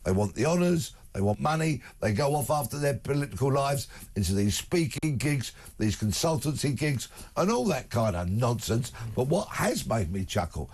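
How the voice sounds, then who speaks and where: A man's voice: medium pitch, sing-song, normal speed, hardly any pauses, a little mellow, breathy edge. A man, a guest on a talk radio show, speaking emphatically and stringing together long spoken lists. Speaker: studio guest. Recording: broadcast studio.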